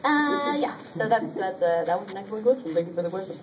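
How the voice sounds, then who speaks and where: A woman's voice: mid-range voice, animated, fast, a little hiss or hum. Bubbly woman on a distant panel mic. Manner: bubbly, chatty, laughs often, many "like"s. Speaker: voice actress on a convention panel. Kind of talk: animated anecdote telling to a live audience. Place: convention panel room.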